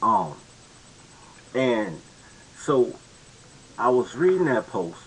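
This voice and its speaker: A man's voice: mid-range voice, big pitch swings, extremely slow, vocal fry, a little hiss or hum, low-quality recording. A man hosting a casual commentary monologue, rambling and slangy with many restarts. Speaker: commentary host.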